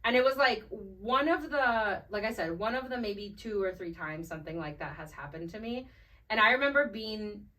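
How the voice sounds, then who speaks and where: A woman's voice: mid-range voice, animated, moderate pace, a bit bright, far from the mic. A young woman co-hosting a podcast, chatting casually and rambling with lots of fillers and restarts. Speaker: podcast co-host. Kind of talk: casual chat.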